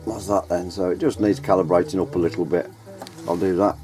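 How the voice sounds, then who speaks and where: With music in the background, a radio hobbyist vlogger talks briskly in a deep voice with fairly even intonation. He's outdoors at home, on ladders and in the garden, rambling to a handheld camera mic and correcting himself as he goes.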